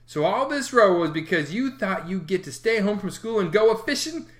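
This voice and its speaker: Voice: mid-range voice, expressive, normal speed, voice pushed up, close to an everyday voice. A reader voicing an elderly aunt in an audiobook, scolding and exclamatory but tender. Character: fussing older aunt, scolding yet tender. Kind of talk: audiobook character voice.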